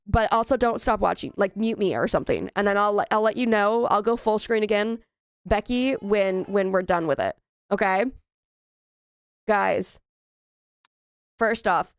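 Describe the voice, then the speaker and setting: A woman's voice: medium pitch, smooth, dry recording, studio quality. A woman in her thirties chatting casually while playing a horror game, often exclaiming in frustration. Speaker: gaming streamer. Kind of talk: casual let's-play commentary.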